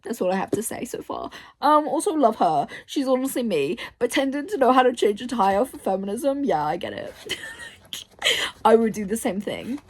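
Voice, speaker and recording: A woman's voice: fairly high pitch, sing-song, normal speed. A young woman vlogging casually about her reading, ranting and swearing freely. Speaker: book vlogger. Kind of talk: casual reading vlog chat.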